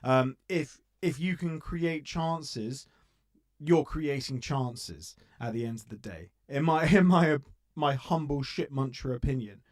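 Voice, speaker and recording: A man's voice: medium pitch, takes it slowly. A man co-hosting a casual football fan podcast, chatty and joking, with lots of restarts and fillers. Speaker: podcast co-host.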